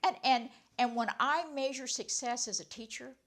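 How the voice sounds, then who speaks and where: A woman who used to be a teacher, telling a personal story in an animated way, her loudness swinging widely. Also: a little high, normal speed. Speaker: former teacher.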